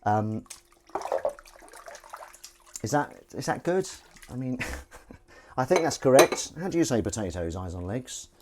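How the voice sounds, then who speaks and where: Very noisy audio catches a Southern English man from England washing up at his kitchen sink during a casual livestream, with water running and dishes clinking. He rambles, jokes and reads chat messages aloud. His medium-pitched voice swings widely in pitch and is unhurried, with long pauses.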